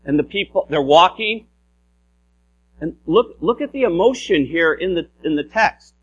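A man preaching a sermon with a somewhat high voice. He explains step by step, often restarts his phrases and keeps tucking in "if you will". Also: expressive, moderate pace, a bit bright, husky, muffled recording.

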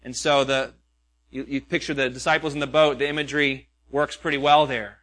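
A man's voice: mid-range voice, fairly even intonation, brisk, fairly bright tone. A pastor preaching a sermon, earnest and questioning, with many rhetorical questions to his listeners.

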